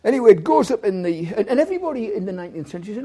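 Man, lecturer, rambling, slightly high, mellow tone. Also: big pitch swings, racing, few pauses, slightly rough. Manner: rambling, digressive, frequent restarts and stumbles. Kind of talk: university lecture.

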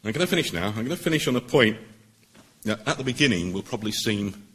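Low-voiced middle-aged guy, barrister talking to a meeting, earnest and emphatic. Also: lively intonation, a bit bright. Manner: earnest, persuasive, emphatic with pauses. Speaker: barrister speaking at a public meeting. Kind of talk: public speech.

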